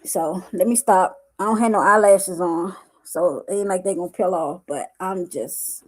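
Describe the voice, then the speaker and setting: A woman, talking live to her viewers as a wellness coach, emotional and tearful, with halting restarts. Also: fairly low pitch. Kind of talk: live-stream vlog.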